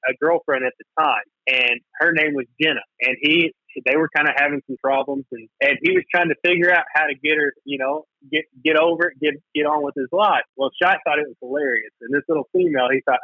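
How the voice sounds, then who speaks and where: Male guest, chatty, talks fast, tinny phone-like sound. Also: on the high side, lively intonation, pushed and bright, dry recording. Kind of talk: casual storytelling.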